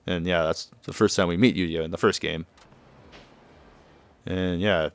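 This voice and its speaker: A man's voice: low voice, steady tone, unhurried, gravelly, long pauses, no echo. A man casually recapping a video game, chuckling often and loosely paraphrasing the dialogue. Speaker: gameplay commentator. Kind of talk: casual let's-play recap.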